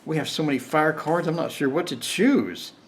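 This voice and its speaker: A man's voice: fairly high pitch, moderate pace. A man playing a board game alone on camera, reading cards aloud, counting and grumbling about bad luck. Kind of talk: solo playthrough commentary.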